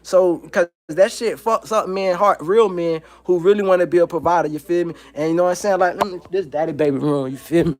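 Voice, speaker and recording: A man's voice: high-pitched, a little fast, hardly any pauses. A man hosting a livestream from home, ranting in a heated, profane, emphatic way and repeating his points. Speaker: livestream host.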